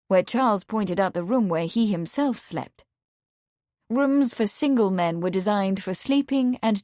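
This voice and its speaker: A woman reading a mystery audiobook in scripted narration with a steady, even delivery. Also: medium pitch, dry recording, clean studio sound.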